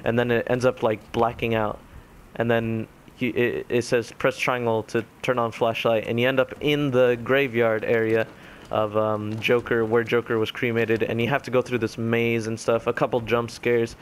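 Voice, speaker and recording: A young man casually retelling a video game ending, rambling with many fillers and quickly mimicking the characters' lines. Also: medium pitch, little pitch movement, slight background noise. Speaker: gaming commentator. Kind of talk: casual spoken game recap.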